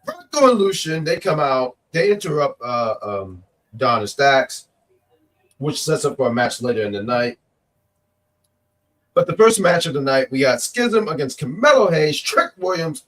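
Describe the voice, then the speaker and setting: A man's voice: fairly high pitch, very animated, measured pace, fairly bright tone, recorded from a distance. A man with a cough co-hosts a casual live stream. He rambles and teases viewers in the chat. His voice sits a little back from the microphone. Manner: rambling, joking, reads chat comments aloud. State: working with a cough. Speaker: co-host of a wrestling review show.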